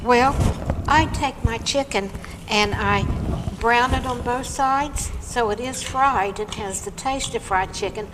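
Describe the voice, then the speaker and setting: A woman's voice: fairly high pitch, slow pace. A middle-aged woman, co-hosting a cooking show, explaining recipes step by step in casual chat over dinner. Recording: reverberant room with background noise.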